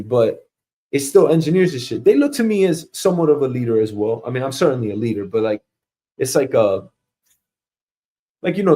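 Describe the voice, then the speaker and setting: A man's voice: mid-range voice, a little mellow. A man hosting a casual show, ranting profanely in a mocking way and acting out quoted coworkers. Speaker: host.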